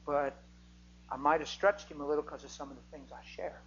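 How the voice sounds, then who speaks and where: A man preaching a sermon, telling a healing story and rising to near-shouting when he gets excited. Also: on the high side, fairly quick, lo-fi sound, a little hiss or hum.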